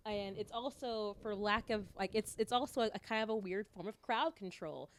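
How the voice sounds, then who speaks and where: A woman's voice: mid-range voice, moderate pace. A woman guest on a podcast, a stand-up comedian, talking casually and rambling with lots of fillers.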